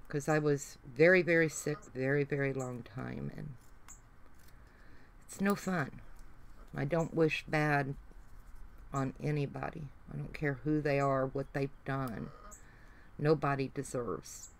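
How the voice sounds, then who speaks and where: A woman's voice: very deep voice, steady tone, takes it slowly, gravelly, long pauses. A middle-aged woman with a Southern accent, chatting folksily to her livestream viewers while she works on a craft project. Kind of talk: casual chat while crafting.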